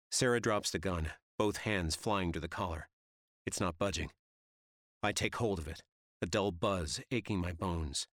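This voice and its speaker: A man's voice: deep voice, measured pace, fairly bright tone, no echo, studio quality. A man giving tense, vivid first-person audiobook narration.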